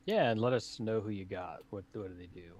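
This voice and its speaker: A man's voice: fairly low pitch, fairly quick, a little mellow, lo-fi sound. A man co-hosting a live board game stream, bantering casually and laughing easily. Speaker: board game show co-host.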